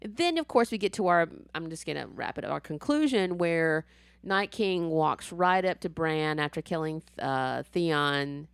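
A woman with a slightly low voice recaps a TV episode in excited casual chat. She swears freely and acts out the characters as she goes. The sound is close and dry. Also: a little slow, clear, resonant tone, no room sound.

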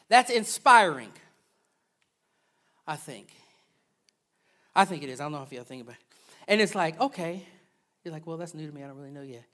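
A male pastor preaching a sermon, animated, swinging from loud preaching to soft, playful asides. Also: fairly high pitch.

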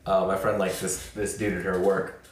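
A man's voice: deep voice, level tone, moderate pace, distant mic, slight background noise. A man, telling funny stories and swearing as a podcast co-host. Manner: storytelling, swearing, joking. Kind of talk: casual chat. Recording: echoey room.

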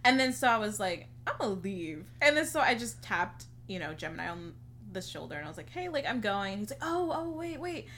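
A woman's voice: medium pitch, very animated, fairly quick, a bit bright, a little hiss or hum. A young woman co-hosting a podcast, telling a long story in casual chat, saying "like" a lot and acting out what people said. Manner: chatty, heavy use of "like", acts out quotes. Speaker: podcast co-host.

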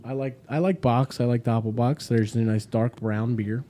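A man's voice: medium pitch, steady tone, normal speed, mellow. A young man hosting a casual podcast, reading beer labels aloud and explaining the style. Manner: reads product blurbs aloud, explanatory. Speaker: podcast host.

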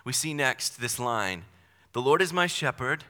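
A man's voice: medium pitch, animated, measured pace, bright, forceful tone. A young man preaching a sermon in a casual, conversational way, with self-deprecating asides. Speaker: pastor. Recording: long hall reverb.

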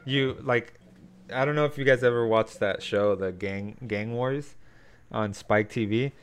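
A man's voice: mid-range voice, a little slow, smooth. A man interviewing a musician in casual chat, loose and swearing freely.

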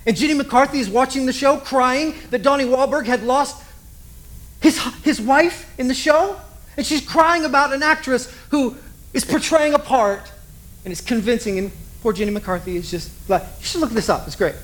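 A man's voice: extremely high pitch, moderate pace, fairly bright tone, low-quality recording. A man preaching a sermon as a pastor, talking animatedly and acting out little asides.

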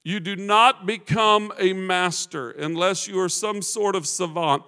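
A man preaches in a church sanctuary, his high, resonant voice ringing with a long reverb. He drops low and quiet to tell stories, then rises into loud, fervent preaching. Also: steady tone, measured pace, smooth, soft background music. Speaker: pastor. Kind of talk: sermon.

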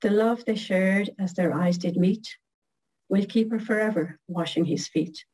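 A middle-aged woman reading her own poem slowly and carefully, then chatting casually as a guest. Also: medium pitch, darkish tone, slightly rough, poor audio. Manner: slow, measured recitation.

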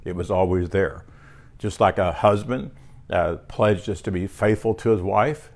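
A man delivers a sermon with a lowish voice. He teaches in a relaxed, conversational way, reading verses aloud and often breaking off to restart a phrase. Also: unhurried. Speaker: preacher.

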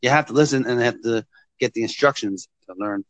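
A man hosting his podcast in casual chat, relaxed and rambling, chuckling as he talks. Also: mid-range voice, brisk, lo-fi sound. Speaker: podcast host.

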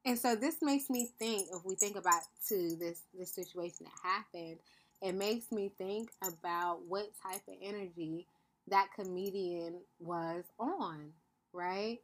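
A woman in a middle pitch speaks to her podcast listeners in a reflective, earnest monologue. She works through her thoughts out loud, calling listeners "beloved" and often checking in with a quick "right?". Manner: earnest, thinks aloud with frequent "right?" check-ins. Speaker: podcast host.

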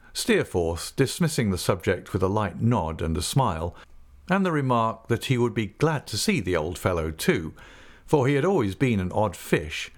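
A man with a fairly low voice reads a novel aloud in the first person. His delivery is earnest, and his intonation rises and falls widely from line to line. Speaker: audiobook narrator. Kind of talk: scripted first-person narration.

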